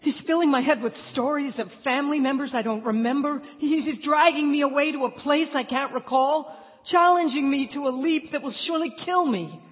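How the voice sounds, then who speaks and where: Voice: medium pitch, little pitch movement, fast talker, few pauses, close to an everyday voice. A narrator doing a frightened, stammering orphan boy. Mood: fearful. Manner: fearful, stammering, pleading. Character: frightened, doubting young male orphan. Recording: tinny, echoey hall, faint music.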